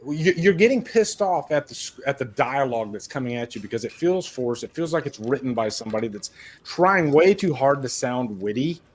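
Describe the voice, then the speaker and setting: A man's voice: mid-range voice, animated, brisk, a little hiss or hum. A man from Mississippi chatting about a movie in a casual panel, rambling and repeating words earnestly.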